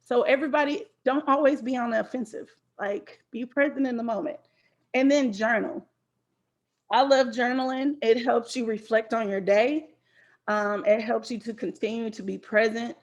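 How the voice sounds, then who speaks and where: Upbeat higher-voiced woman giving a pep talk. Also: steady tone, normal speed, highs cut off. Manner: casual, conversational, acts out anxious voices. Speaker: conference speaker. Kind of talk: motivational talk.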